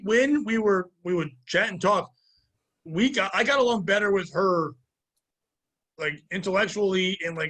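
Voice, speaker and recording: A man's voice: high voice, bright, forceful tone. A man in his forties co-hosting a podcast, telling long, rambling, profane stories in casual chat. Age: 40s. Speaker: podcast co-host, comedian.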